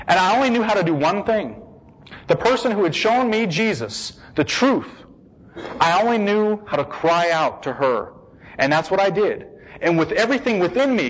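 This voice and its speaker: Husky man telling an earnest testimony. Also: low-quality recording. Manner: earnest, emotional storytelling with hushed low passages and excited bursts. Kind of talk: personal conversion testimony.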